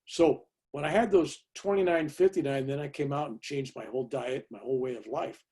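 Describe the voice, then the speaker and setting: A man's voice: medium pitch, brisk, warm tone, slightly rough. A man, a guest speaker chatting through a personal story for an audience and tagging his lines with "right?". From California, USA. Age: 70s. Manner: chatty, keeps tagging "right?" and "you know".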